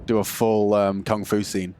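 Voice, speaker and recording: A man giving color commentary on an esports match, chatty and analytical, jumping into excited reactions. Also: on the low side, normal speed, background noise. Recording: broadcast mix with music underneath.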